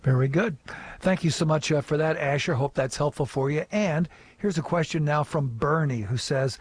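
A man's voice: a little high, moderate pace, breathy edge, no echo. A man hosting a call-in radio show in a friendly way, reading out listener emails and phone numbers.

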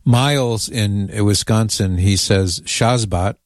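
A man hosts a radio talk show, chatting with easy amusement as he reads out listener emails. His voice sits on the lower side, and the studio sound is dry and close. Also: animated, normal speed, no echo.

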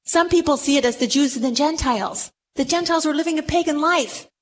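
Lively high-voiced woman preaching. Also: fast talker, a little hiss or hum. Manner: expressive storytelling, acting out the parable's voices. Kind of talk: sermon.

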